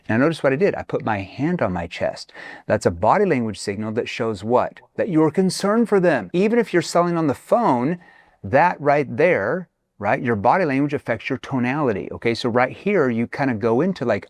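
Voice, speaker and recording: A man's voice: medium pitch, lively intonation, fairly quick, darkish tone, dry recording. A man coaching salespeople, stepping in and out of sample questions to show a concerned or a curious tone. The sound is close and dry, with no room around it. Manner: demonstrates tones by acting out sales questions. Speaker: sales trainer. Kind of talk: instructional sales talk. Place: reacted video clip.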